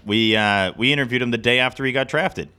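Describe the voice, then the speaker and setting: A man co-hosts a sports podcast, chatting casually and rambling, interrupting himself with many restarts and laughing often. His mid-range voice is bright, smooth, and forceful, at a quick pace.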